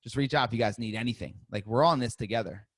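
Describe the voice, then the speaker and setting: A man hosting a live sales-coaching webinar. He talks in a lively, chatty way, laughs often and acts out sample phone calls and voicemails. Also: medium pitch, rapid-fire, no room sound, studio quality.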